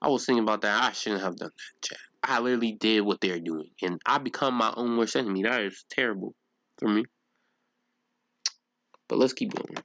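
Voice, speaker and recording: A man's voice: lowish voice, brisk, long pauses, fairly bright tone. A male streamer talks to his live chat in a ranting, incredulous way. He keeps firing rhetorical questions. His voice comes through dull, lo-fi stream audio.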